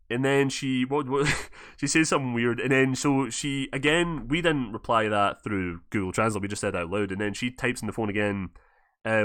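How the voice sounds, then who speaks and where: A man's voice: mid-range voice, no room sound, studio quality. A man with a Scottish accent hosting a casual podcast, telling a story with lots of swearing and acting out what people said. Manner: animated, swears a lot, acts out quoted lines. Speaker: podcast host.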